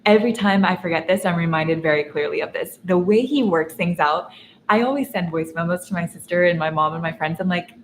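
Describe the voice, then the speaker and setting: A young woman teaches a masterclass in an earnest, animated way. Her voice sits low for a woman and she tells her stories with laughs here and there. A faint noise runs beneath her. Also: fairly quick. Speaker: feminine energy coach. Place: in Dubai. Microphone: seated while teaching.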